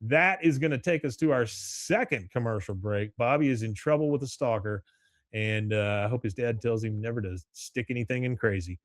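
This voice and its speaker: A man hosting a podcast, retelling scenes in a lively chat and jumping into higher voices for the characters' lines. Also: normal speed, no echo, studio quality. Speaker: podcast host recapping an episode. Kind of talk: casual chat.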